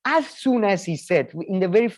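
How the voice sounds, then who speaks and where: A man co-hosting a casual film review chat, rambling with many restarts and animated asides. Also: sits high, normal speed, no room sound. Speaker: co-host.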